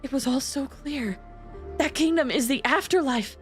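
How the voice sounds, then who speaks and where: A woman's voice: sits high, normal speed, soft background music, pitched above the performer's own voice, close to an everyday voice. A woman voicing a devout young female acolyte who speaks with earnest, fervent reverence.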